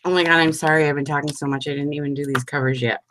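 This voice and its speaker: A woman in her forties chatting casually with her crafting group at home, talking fast and laughing often. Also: sits low, slight background noise. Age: 40s. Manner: chatty and animated, breaks into frequent laughter. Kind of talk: casual chat.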